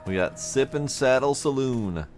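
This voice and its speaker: A man's voice: medium pitch, expressive, measured pace. A man casually commenting on his gameplay, playful and self-mocking, muttering asides over faint game music. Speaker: gameplay streamer.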